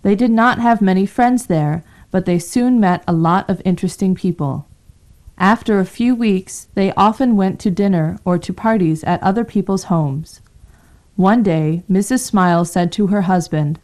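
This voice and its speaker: A woman narrates a simple story for learners. Her reading is clear and unhurried, with each phrase set apart. Her voice sits at a middle pitch. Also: darkish tone.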